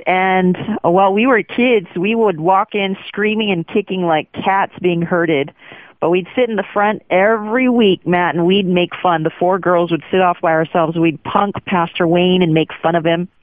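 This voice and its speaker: Woman guest, frank storyteller, animated, heard down a narrow phone line. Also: on the low side, moderate pace, no echo. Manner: candid and animated, acts out quotes. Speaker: guest sharing her testimony. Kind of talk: personal storytelling on a phone interview. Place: Hawaii.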